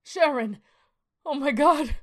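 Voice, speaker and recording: A woman voicing a terrified, grief-stricken adult man who shouts in desperation in a horror story. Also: high-pitched, takes it slowly, voice pushed up. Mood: anguished.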